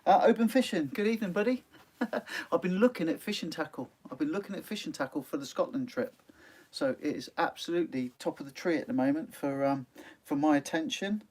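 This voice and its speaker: A man's voice: on the high side, a little fast, darkish tone, husky. Chatty man hosting a live stream. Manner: chatty, laughs often, many ums. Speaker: sea angling channel host. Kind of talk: live stream chat reading viewer comments. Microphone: phone.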